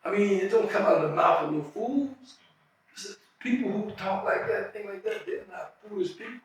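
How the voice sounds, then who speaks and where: Sitting far from the mic in a very echoey room, an older man tells reflective stories in an interview, earnest and often restarting phrases. His voice sits high at a moderate pace, and there's slight background noise; he's off-mic.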